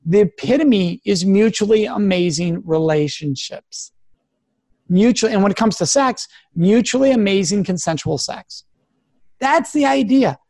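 A man's voice: high voice, lively intonation, a little slow, a little mellow, dry recording, studio quality. A man who is a guest expert on a radio talk show, speaking earnestly and coaching listeners with example phrases. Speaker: guest expert on sexual respect.

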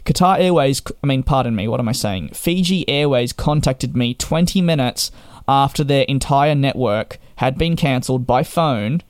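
A man's voice: medium pitch, animated, moderate pace, clean tone, dry recording, clean studio sound. A young man tells a frustrated storytime rant to camera. He sounds exasperated and sarcastic. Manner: exasperated and sarcastic, with repeated restarts. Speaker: travel vlogger.

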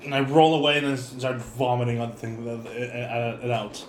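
A man playing in a tabletop game, joking with loud outbursts. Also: medium pitch, level tone, normal speed. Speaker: player. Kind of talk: casual game chat. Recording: roomy echo with chatter behind.

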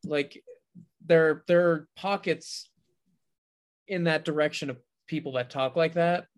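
A man's voice: on the high side, fairly even intonation, unhurried, clear, resonant tone. A man co-hosting a podcast in casual chat, with a dry, sarcastic sense of humor. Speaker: podcast co-host.

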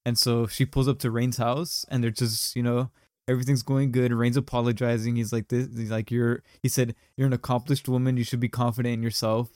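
A man's voice: mid-range voice, level tone, brisk, darkish tone, no room sound, studio quality. A young man hosting a podcast, telling a story in casual chat with lots of slang and fillers. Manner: rambling, slangy, many fillers. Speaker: podcast host.

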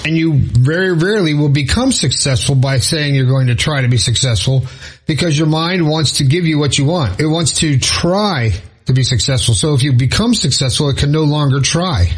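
A man with a husky, slightly raised voice delivers a casual motivational monologue to his viewers. He is earnest and encouraging, hammering points home by repeating them, with the odd self-amused aside. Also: on the high side, normal speed, rough recording. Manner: earnest, encouraging, repeats for emphasis, jokes with himself. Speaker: motivational vlogger.

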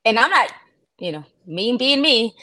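Woman, podcast co-host, animated storyteller, somewhat high voice. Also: moderate pace. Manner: animated storytelling, acts out shouting. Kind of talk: casual sports chat.

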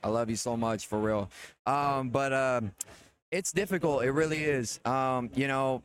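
A man who is both a streamer and a father joins a casual live-stream chat at a gaming convention as a guest. With hype-man energy he keeps cheering the others on, his medium-pitched voice running a little slow.

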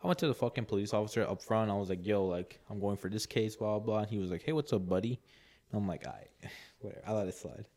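A man with a fairly low voice telling a long story on a casual podcast. He rambles, fills every gap with "like," and acts out what people said to him. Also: fast, dark tone. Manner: rambling, many "like"s, laughs a lot, acts out quotes. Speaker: podcast co-host.

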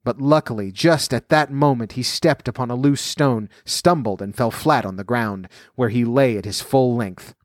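A man reading a fairy tale aloud at a steady, measured pace. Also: medium pitch, no room sound, clean studio sound. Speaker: storyteller.

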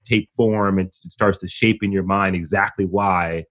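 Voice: sits low, steady tone, moderate pace. A podcast co-host asking reflective questions, searching for words as they talk. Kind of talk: conversational interview questions.

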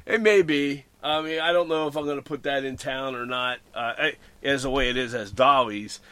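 Chatty host, a man, forceful bright voice, dry mic. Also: medium pitch, moderate pace, clear, resonant tone, dry recording. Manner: rambling, self-deprecating, many fillers. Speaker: model railroad hobbyist podcast host. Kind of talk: casual chat.

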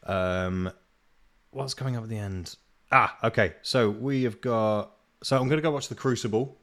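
A man's voice: fairly low pitch, normal speed, fairly bright tone. A man hosting a solo podcast, ranting in a casual, exasperated way with plenty of swearing and self-deprecating laughs. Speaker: podcast host.

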